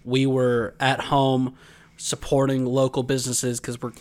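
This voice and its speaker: A man chats casually as a podcast co-host. He rambles through a long story and keeps breaking into laughter, his voice sitting at an ordinary middle pitch. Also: monotone, measured pace, a little mellow. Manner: rambling, laughs often while telling stories. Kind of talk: casual chat, telling a dream story.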